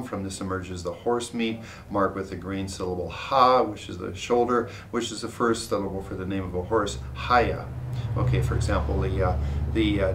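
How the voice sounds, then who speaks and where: A man teaching a class, reading a ritual text aloud and explaining it, pausing often with fillers and correcting himself. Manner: halting, many uh fillers and self-corrections. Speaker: Buddhist teacher. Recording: roomy, distant mic with faint rumble.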